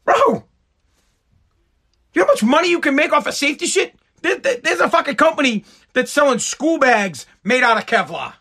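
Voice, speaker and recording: A man's voice: very high-pitched, big pitch swings, moderate pace, vocal fry, pushed and bright. A man from the United States ranting sarcastically and profanely on a live stream.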